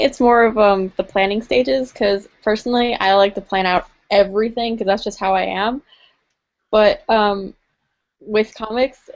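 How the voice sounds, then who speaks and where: A woman's voice: medium pitch, no room sound. Brief: unsure, rambling woman, dry dull call audio. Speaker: panelist. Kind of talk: casual online panel chat.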